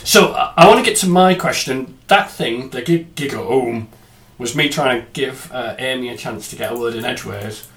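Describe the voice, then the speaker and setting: A man's voice: medium pitch, moderate pace, hardly any pauses, a bit bright. A man hosting a podcast, chatting casually and cracking self-mocking jokes. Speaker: podcast host.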